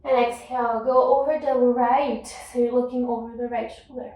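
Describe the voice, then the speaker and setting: A woman teaching a guided yoga class, calmly cueing each breath and movement. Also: a little high, normal speed, distant mic, lo-fi sound. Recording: echoey room, voice off-mic.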